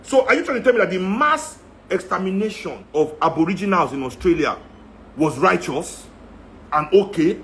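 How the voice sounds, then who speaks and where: Heated Nigerian man, high voice. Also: expressive, normal speed, a bit bright, slight background noise. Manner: heated, rhetorical, repeating questions. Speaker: speaker in a talk. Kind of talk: impassioned rant.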